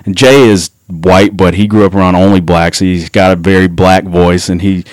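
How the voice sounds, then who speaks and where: A man with a low voice tells a rowdy, profanity-laced story in a relaxed chat. His delivery is loose and full of laughter. The sound is close and dry, with no room around it. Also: normal speed, no room sound. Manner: profane, laughing anecdote-telling. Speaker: guest. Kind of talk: casual storytelling.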